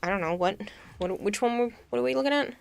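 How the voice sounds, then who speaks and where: A woman's voice: fairly high pitch, lively intonation, fast, gravelly, smooth. A woman streaming a game, chatting casually with friends and reading out chat messages. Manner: chatty, joking, reads chat aloud.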